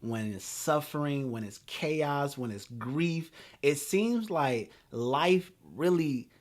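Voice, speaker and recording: A man in his thirties hosting a talk show, telling a story in an animated, laughing way. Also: on the high side, slow. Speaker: podcast host.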